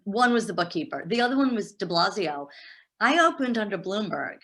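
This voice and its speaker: Animated woman telling a story. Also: medium pitch, brisk. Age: middle-aged. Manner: animated storyteller, acting out dialogue. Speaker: entrepreneur guest. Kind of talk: interview storytelling.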